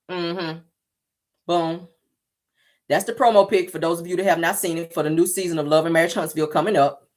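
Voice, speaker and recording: A woman hosting a gossip vlog, scolding and mocking her target in a sassy voice and repeating her jabs. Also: lowish voice. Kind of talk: sassy reality-TV gossip commentary.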